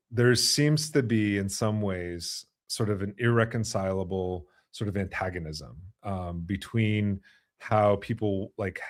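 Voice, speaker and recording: A low-voiced man hosts a podcast conversation, working through his points with lots of "you know" and restarts. His voice is recorded close and dry, with no room sound. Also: no echo. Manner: halting, many fillers and restarts. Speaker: podcast host. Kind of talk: conversational interview.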